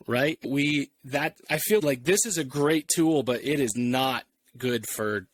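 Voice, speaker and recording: A man's voice: mid-range voice, moderate pace, few pauses, slight background noise. A man hosting a podcast interview, talking in a conversational way and telling stories from his own work and marriage. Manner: conversational, tells personal anecdotes. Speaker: podcast host.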